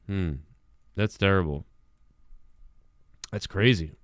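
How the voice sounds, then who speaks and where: A man's voice: low-pitched, slow, smooth, no echo, studio quality. A young man hosting a live stream, talking casually in a rambling way with lots of swearing and restarts.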